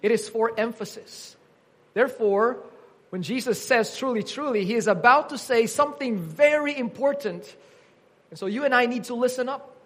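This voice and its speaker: A man's voice: very high voice, moderate pace, fairly bright tone. A man preaching an earnest teaching sermon, quoting scripture with emphasis.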